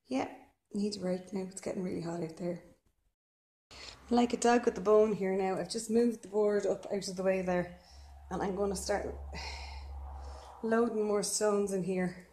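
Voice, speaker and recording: A woman chatting casually to camera outdoors in her garden while she works, unhurried, with lots of ums and a little out of breath. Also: mid-range voice, mellow, roomy sound. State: slightly out of breath from physical work. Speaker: vlogger.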